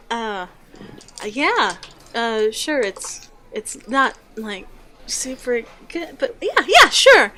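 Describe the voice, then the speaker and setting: A woman voicing a shy, flustered young barmaid who talks high and giggly, with many fillers. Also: big pitch swings, drawn-out words, pushed and bright, slight background noise, heavily acted. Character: shy young barmaid, about twenty, jolly but flustered.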